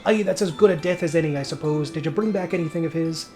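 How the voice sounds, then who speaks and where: A man voicing a gruff male dwarf clansman in a put-on Scottish accent, booming and a little stumbling. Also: quick pace, darkish tone, soft background music, natural voice. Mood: hearty.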